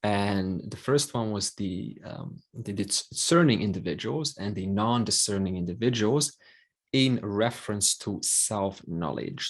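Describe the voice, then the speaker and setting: Brief: male teacher, lower voice, calm explanatory class delivery. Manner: calm explanatory, many fillers. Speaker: Vedanta teacher.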